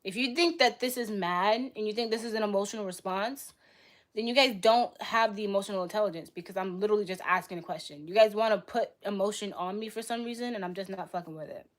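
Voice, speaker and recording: Young woman, stream host, blunt and argumentative, answers chat with quick retorts. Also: medium pitch. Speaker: livestream host. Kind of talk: live stream debate reading chat.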